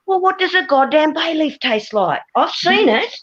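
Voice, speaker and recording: A woman's voice: high-pitched, expressive, normal speed, fairly bright tone. Blunt, sweary Australian woman. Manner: blunt, swears freely, teasing. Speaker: co-host. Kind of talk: casual banter. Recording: muffled lo-fi audio.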